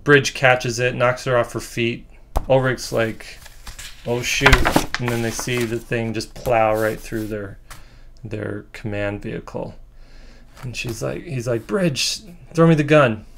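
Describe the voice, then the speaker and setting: A man who is a comic artist, casually walking through comic pages in a relaxed, rambling, self-critical way with frequent ums. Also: medium pitch, unhurried, creaky, background noise. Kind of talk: casual page-by-page walkthrough.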